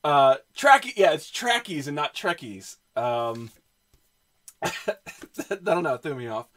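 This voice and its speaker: A man's voice: a little high, very animated, takes it slowly, fairly bright tone. A man with a Southern US accent, chatting casually on a livestream and rambling through lots of fillers while he answers his chat. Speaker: streamer showing his comic collection.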